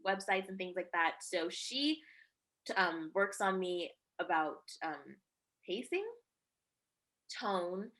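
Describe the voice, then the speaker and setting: A woman who works as a TV reporter and anchor, talking as a guest in a casual interview, articulate and lively and quick to laugh. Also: on the low side.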